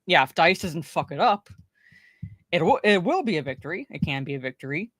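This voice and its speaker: A woman's voice: lowish voice, big pitch swings, brisk, no room sound. A woman co-hosting a casual pop culture podcast, rambling, swearing and repeating herself as she talks. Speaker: podcast co-host.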